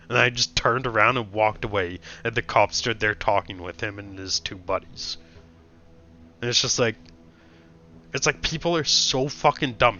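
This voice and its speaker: A man's voice: mid-range voice, bright, forceful tone. A young man streaming, telling a story in casual chat with blunt, profane ranting. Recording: dull lo-fi stream audio.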